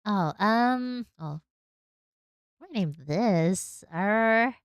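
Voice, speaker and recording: A woman's voice: medium pitch, lively intonation, very slow, clean tone, no echo, clean studio sound. A young woman with an Australian accent, chatting casually to her stream while she draws and giggling at herself. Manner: chatty, self-mocking, giggly asides. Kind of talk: casual chat while drawing.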